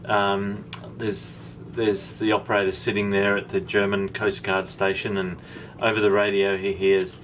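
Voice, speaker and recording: A man's voice: low-pitched, little pitch movement, normal speed, a bit bright, a little hiss or hum. A man hosting a sailing vlog, chatting casually and rambling with lots of ums while recording on his boat. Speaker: vlog host. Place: on a sailboat.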